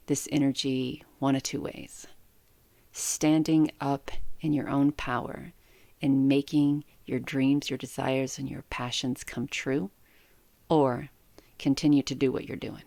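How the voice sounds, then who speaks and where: A woman's voice: deep voice, vocal fry, darkish tone, no room sound. A woman in her fifties giving a blunt, earnest tarot forecast and swearing for emphasis. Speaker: tarot reader.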